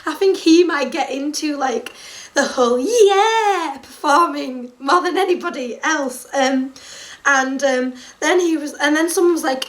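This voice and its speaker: Young woman, high voice, excitable, gushing, casual vlog storytelling. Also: moderate pace, distant mic. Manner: gushing and excitable, full of likes and ums. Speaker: music fan vlogger.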